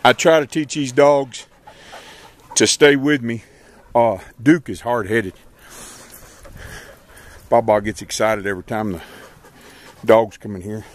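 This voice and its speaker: Working outdoors in an animal pen, a homesteader narrates his chores for a casual vlog, easygoing and folksy with a rural flavor. His medium-pitched voice is steady and slow with long pauses, and he chats to his animals between explanations, loudly calling the dogs.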